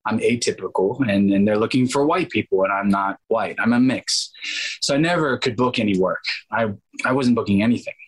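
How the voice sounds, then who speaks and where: Husky man telling animated stories. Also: on the low side, a little fast, low-quality recording. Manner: animated, laughs often, acts out quotes. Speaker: interview guest, actor. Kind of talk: casual interview storytelling.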